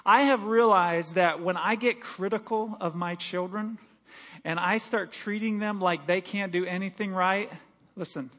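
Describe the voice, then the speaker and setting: Male pastor, middle-aged, high voice, animated sermon delivery that rises and drops in volume. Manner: animated preaching, swinging from loud to hushed. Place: church sanctuary.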